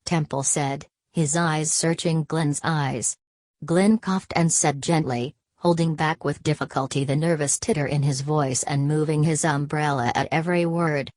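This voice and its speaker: A woman with a notably low voice reads a novel aloud, steady and measured, carrying the characters' lines without much change of voice. The sound is dry and close, with no room around it. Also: no echo. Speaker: audiobook narrator. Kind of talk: scripted narration.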